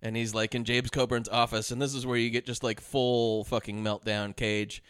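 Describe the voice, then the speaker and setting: A man co-hosting a film podcast, recounting movie scenes in casual chat and shouting out lines he quotes. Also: mid-range voice, moderate pace, smooth, no echo, clean studio sound. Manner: animated retelling, mimics shouted lines. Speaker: podcast co-host.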